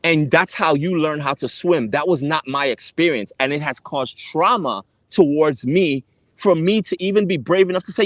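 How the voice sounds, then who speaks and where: A man's voice: fairly high pitch, normal speed, fairly bright tone, no room sound. A young man earnestly telling a personal story to camera, emphatic and repeating himself for weight. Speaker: travel vlogger.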